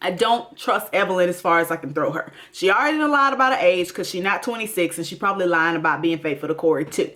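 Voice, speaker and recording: A woman's voice: on the low side, expressive, quick pace, few pauses, sharp tone. A woman hosting a TV recap, talking in a blunt, emphatic way straight to her viewers. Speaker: TV recap host. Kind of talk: casual commentary.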